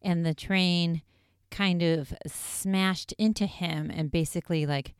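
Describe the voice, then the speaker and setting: A woman's voice: on the low side, fairly even intonation, slow pace, clean tone, dry recording, clean studio sound. A woman casually recapping a TV episode in a chatty way, with lots of "like" and wry asides.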